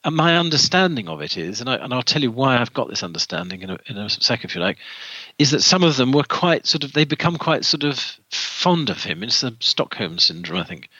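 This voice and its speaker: A man's voice: mid-range voice, sing-song, brisk, sharp tone, no room sound, dull audio. A man guest in an interview, telling a story with many restarts and fillers. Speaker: author and guest.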